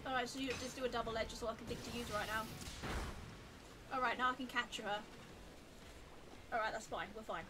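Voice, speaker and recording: A woman giving chatty live commentary while she plays a video game, talking to the game and rising into flustered high squeals. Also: fairly even intonation, fairly quick, pauses often, over music. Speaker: game streamer.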